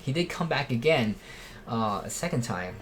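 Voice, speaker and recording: A man's voice: mid-range voice, sing-song, moderate pace, a little hiss or hum. A man from a church safety team talking casually and unscripted, rambling with frequent restarts and fillers.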